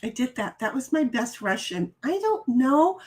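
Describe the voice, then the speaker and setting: A middle-aged woman with a fairly high voice hosts a relaxed live stream. She reads chat messages out loud and riffs on them, often stumbling and restarting her sentences in a chatty way. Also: measured pace. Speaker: streamer host reading chat.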